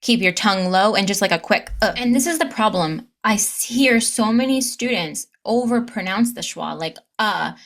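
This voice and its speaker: A woman coaching English pronunciation in a mid-pitched voice. She demonstrates sounds clearly, stretching and stressing words as she drills them. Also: lively intonation, normal speed, hardly any pauses. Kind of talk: pronunciation lesson.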